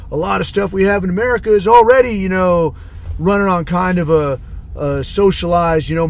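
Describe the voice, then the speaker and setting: A man hosting a podcast, ranting in a casual, profane, sarcastic way and mimicking the people he mocks. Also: on the high side. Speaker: podcast host. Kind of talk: casual solo rant.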